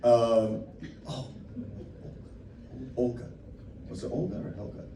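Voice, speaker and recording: A man's voice: mid-range voice, expressive, slow, mellow, far from the mic. A man hosting a fan Q&A in a casual, playful way, often laughing as he tells stories. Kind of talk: casual joking chat with fans. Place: indoor meet-and-greet room. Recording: echoey room, recorded from afar, background noise.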